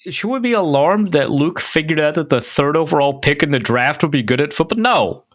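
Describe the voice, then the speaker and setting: A man from North Dakota co-hosting a podcast, telling stories in an animated way and laughing often. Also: fairly high pitch, brisk. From North Dakota, USA. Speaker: podcast co-host. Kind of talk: casual chat.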